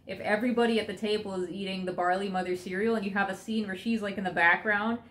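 A woman's voice: medium pitch, steady tone, quick pace, a bit bright. Storytelling woman in casual chat. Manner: storytelling, imagines scenes and voices characters. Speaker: co-host. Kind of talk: casual reaction podcast chat.

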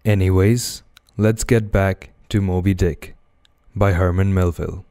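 A man reading a novel aloud as an audiobook narrator, in a measured, expressive way. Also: low voice, no room sound, studio quality. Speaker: audiobook reader.

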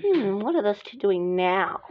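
A woman's voice: mid-range voice, sing-song, slight background noise. A woman voicing squabbling girls in a lo-fi home drama. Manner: squabbling, quick jumps between characters, gasping and shouting. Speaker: hobby drama performer voicing several characters. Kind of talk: home-made doll drama role-play. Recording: dull lo-fi home recording.

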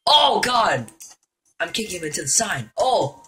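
A young man giving excitable, jokey commentary while playing a video game. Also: high voice, measured pace, faint music behind. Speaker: gaming YouTuber. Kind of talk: gameplay commentary.

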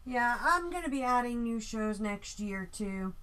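A woman's voice: fairly high pitch, lively intonation, unhurried, fairly bright tone, smooth. A woman artist chatting casually with viewers on a live stream while she paints at home. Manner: chatty, talks to viewers and her dog.

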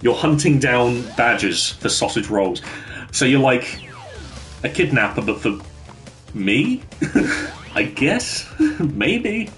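A man's voice: mid-range voice, sing-song, slow, long pauses, fairly bright tone, faint music behind. A man chatting casually with his viewers while streaming a game from his bedroom, laughing often and bantering with the chat.

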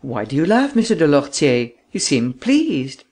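A man doing a stern, relentless gentleman sleuth. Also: fairly high pitch, big pitch swings, a little slow, full character voice. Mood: insistent.

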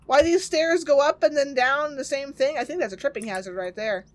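A woman's voice: high-pitched, brisk, no room sound. A woman playing a horror game and commenting casually, chatty and reactive, with jokes and swearing. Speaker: game streamer. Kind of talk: let's play commentary.

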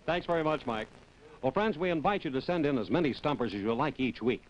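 Lively 1960s TV announcer man. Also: fast. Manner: smooth, polished pitchman delivery. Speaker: show announcer. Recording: dull vintage TV audio.

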